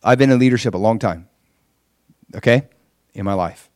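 A middle-aged man preaching a sermon in a conversational, animated way, acting out the voices he quotes. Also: lowish voice, normal speed, no room sound, clean studio sound.

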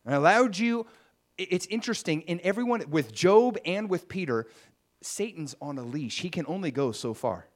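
Animated, conversational male preacher. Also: fairly high pitch, normal speed. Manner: conversational storytelling, acts out scenes. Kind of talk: sermon.

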